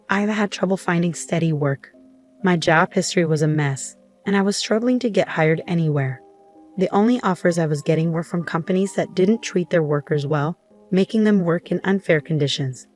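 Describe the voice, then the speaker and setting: A woman's voice: lowish voice, normal speed, a little mellow, faint music behind, lightly acted. A woman voicing a stern, loyal young male employee who scolds firmly. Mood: explaining. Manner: firm, scolding.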